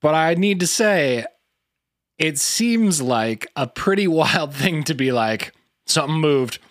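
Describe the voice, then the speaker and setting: A man's voice: on the high side, expressive, slow, no room sound, studio quality. A man co-hosting a podcast in casual comedic chat, joking and sarcastic, swearing freely. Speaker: podcast co-host.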